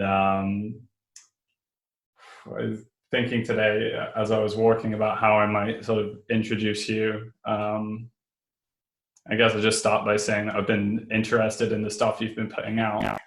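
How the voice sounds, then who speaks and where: Low, flat-voiced male host, gravelly. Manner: calm, many ums and hedging phrases. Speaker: podcast host. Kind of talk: casual interview. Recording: echoey room.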